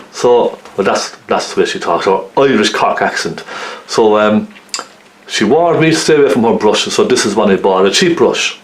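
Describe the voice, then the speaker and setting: This man, with a voice on the low side and normal speed, walks through an oil painting lesson step by step in a chatty manner. Tag questions such as "okay" and "isn't it" come up often, heard through a roomy echo.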